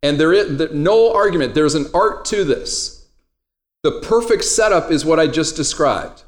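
A man's voice: a little high, expressive, normal speed. A man teaching a trading class in a classroom, casual and joking as he talks straight to his students. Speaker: trading instructor. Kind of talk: classroom lecture.

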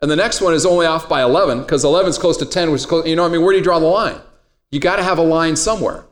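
A man's voice: on the high side, rapid-fire. A man teaching a trading class in a classroom, casual and joking as he talks straight to his students. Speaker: trading instructor. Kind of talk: classroom lecture.

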